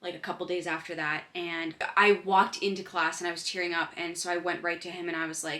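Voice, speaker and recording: A woman's voice: on the low side, fairly quick, pushed and bright. A young woman vlogger telling a personal story in a chatty way, saying "like" often. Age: young adult.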